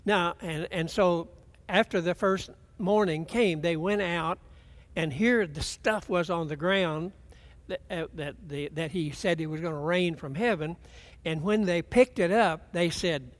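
A man's voice: high-pitched, unhurried. An older man preaching a folksy, rambling sermon, often restarting his sentences.

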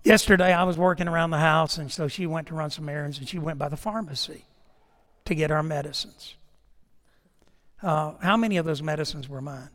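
A man preaching, his voice sitting high for a man. He tells stories folksily and with humor, then presses his point earnestly. A long hall reverb trails behind every phrase. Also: fairly quick, a bit bright. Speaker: pastor. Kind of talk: storytelling sermon.

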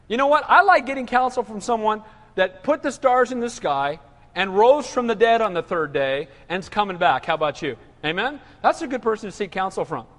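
A man preaching a sermon in an animated call-and-response manner. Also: very high voice. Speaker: pastor. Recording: reverberant hall.

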